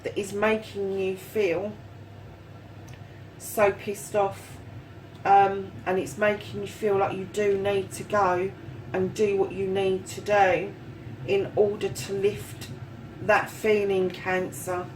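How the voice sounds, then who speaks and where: A woman reads tarot in a chatty, encouraging way, dropping casual swear words along the way. Her mid-pitched voice sounds a little distant from the mic over faint background ambience. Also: level tone, slow pace, a little hiss or hum. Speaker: tarot reader.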